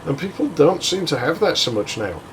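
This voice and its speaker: A man's voice: fairly high pitch, big pitch swings, a little fast, a bit bright, slight background noise, rough recording. A man hosting a let's play, rambling in sardonic, sweary commentary. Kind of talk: rambling commentary over gameplay.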